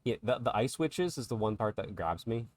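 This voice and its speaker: With a lowish, slightly mellow and expressive voice at normal speed, a man co-hosts a podcast. He chats casually about tabletop miniatures and laughs along with his co-host.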